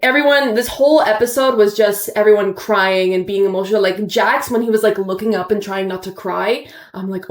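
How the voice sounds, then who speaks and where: Woman, casual chat, animated retelling, echoey room. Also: mid-range voice, a little fast, few pauses. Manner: excitable, animated retelling with laughter. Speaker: co-host reacting to a show finale.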